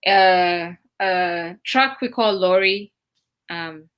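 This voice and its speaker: A woman's voice: on the low side, drawn-out words, fairly bright tone, clear, resonant tone. A young woman from Kenya with a Kenyan accent touched by British and American ones, talking casually in an interview and laughing often. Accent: Kenyan with British, Southern US and Seattle traces. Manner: chatty, laughs often, acts out quoted voices. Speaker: guest.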